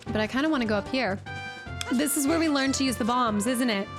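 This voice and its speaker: A young woman streaming a game in casual, giggly chat, her voice going a bit hoarse as she keeps clearing her throat and talking to her cat. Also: fairly high pitch, fast. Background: game music.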